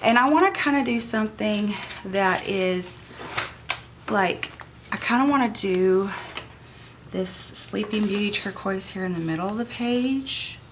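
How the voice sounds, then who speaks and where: A woman's voice: mid-range voice, a little slow, background noise. A woman, sniffly, chattily teaching an art journaling craft technique while she works at home. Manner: chatty and gushing, talks while working. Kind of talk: casual craft tutorial.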